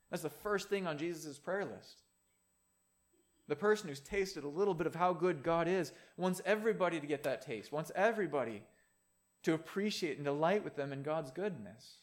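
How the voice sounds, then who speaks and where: A man's voice: on the high side, lively intonation, normal speed. A man preaching a sermon in a conversational way, with playful asides.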